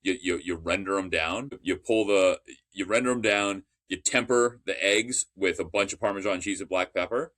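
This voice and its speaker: Speaking at a normal pace, a man tells a story on a relaxed sports podcast in a low voice with a bright edge. His telling is eager and meandering, full of restarted sentences and the odd swear word.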